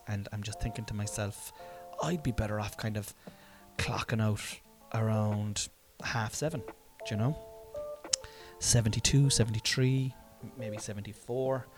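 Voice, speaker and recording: A man in his forties musing aloud in a casual, rambling monologue, self-mocking and swearing freely. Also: medium pitch. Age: 40s.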